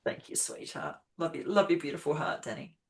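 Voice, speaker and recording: A woman with an Australian accent and a notably low voice, chatting as a guest. She is frank and affectionate and quick to laugh, and she keeps things relaxed and conversational. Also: vocal fry. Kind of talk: casual conversation.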